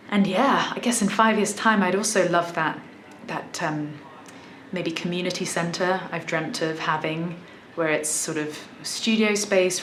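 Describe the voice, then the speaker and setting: A woman in her thirties with a southern English accent and a fairly low voice chats through a casual vlog. She talks thoughtfully and restarts her sentences here and there. The room gives her voice an echo, with a faint hiss behind it. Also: fairly bright tone. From south of England. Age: 30s. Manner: chatty, thoughtful, many small restarts. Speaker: musician vlogger.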